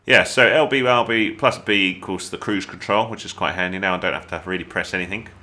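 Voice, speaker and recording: This English man talks a little fast, his low-pitched voice bright and forceful. As a gaming channel host, he leads viewers through a video game with chatty, jokey tutorial commentary.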